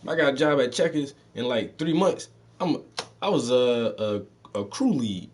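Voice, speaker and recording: A man in his thirties with a mixed Southern and Northern US accent, spinning stories in a loose, profane street style. He talks casually and laughs often, his voice sitting at a middling pitch. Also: animated, unhurried, a little mellow, a little hiss or hum. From Southern United States. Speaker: podcast host telling stories. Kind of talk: casual storytelling.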